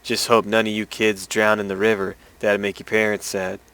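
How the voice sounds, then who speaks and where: A man's voice: on the low side, flat delivery, normal speed, fairly bright tone, a little hiss or hum. A man reading as a grumpy old village man. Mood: grumbling.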